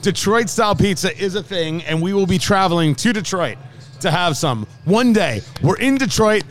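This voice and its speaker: A man's voice: sits high, lively intonation, moderate pace. A man hosting a food and drink talk show, joking and teasing his co-host in casual banter.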